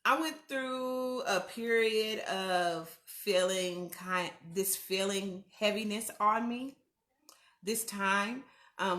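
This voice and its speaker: A woman hosts a casual livestream, talking frankly and warmly to her viewers as "y'all". Her voice is bright and clear. The room around her is echoey. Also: medium pitch. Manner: candid, chatty, addresses viewers as y'all. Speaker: host.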